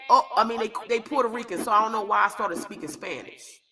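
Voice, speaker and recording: A woman comedian on a live stream, telling a loud, profane, rambling story. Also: on the high side, quick pace, few pauses, slightly rough.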